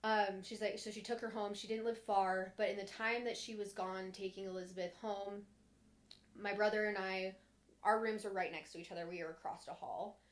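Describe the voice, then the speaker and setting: A woman's voice: medium pitch, fairly even intonation, normal speed. A young woman on a podcast, casually recounting her childhood in a candid, rambling way, full of "like" and restarts, sometimes voicing others in a sharper tone. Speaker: podcast co-host. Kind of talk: casual personal storytelling.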